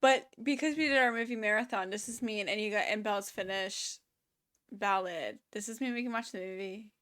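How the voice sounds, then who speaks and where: A woman co-hosting a streamed book club in casual chat, eager and excitable with short reactions. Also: medium pitch, fairly quick.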